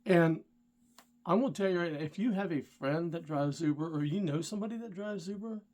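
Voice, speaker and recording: A man's voice: on the high side, fairly quick, a little mellow. A middle-aged man, a rideshare driver and channel host, telling a story straight to the viewer and getting worked up and indignant. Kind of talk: casual storytelling vlog.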